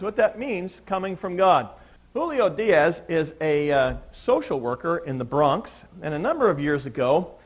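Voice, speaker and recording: A male pastor giving a sermon in a church, telling a story with laughs and acting out the people in it. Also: a little high.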